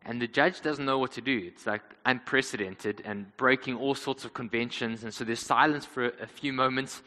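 A man's voice: medium pitch, normal speed, hardly any pauses, pushed and bright, big-room sound, low-quality recording. A man preaching a sermon, telling a story in an earnest way and calling his listeners friends.

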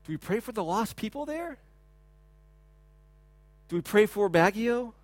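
A man in his thirties preaching a sermon as a pastor, talking in a loose conversational way with repeated words and sudden loud bursts when he imitates a child. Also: sits high, measured pace, long pauses, dry recording. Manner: animated preaching, shouts to imitate a crying child. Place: church hall.

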